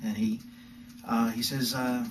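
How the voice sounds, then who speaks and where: A man's voice: mid-range voice, level tone, measured pace. A male lecturer in a recorded video talk, speaking thoughtfully with frequent fillers and self-corrections, in a room he calls not ideal. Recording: distant mic, noisy room.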